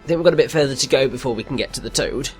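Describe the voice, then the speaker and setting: Giggly, rambling game co-host. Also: male voice, mid-range voice, very fast. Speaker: let's play co-host. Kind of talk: casual gameplay commentary. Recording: faint game music behind.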